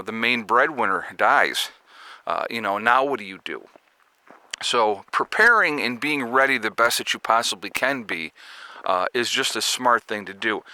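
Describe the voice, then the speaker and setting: Chatty man with a bright voice. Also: mid-range voice, clean tone, dry recording. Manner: rambling, chatty, sarcastic asides. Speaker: prepping vlogger. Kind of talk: casual chat to camera.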